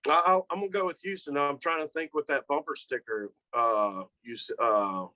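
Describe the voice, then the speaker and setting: A man's voice: on the high side, moderate pace, bright, forceful tone, dry recording, poor audio. A man co-hosting a casual chat about game picks, laid-back and joking. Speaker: co-host.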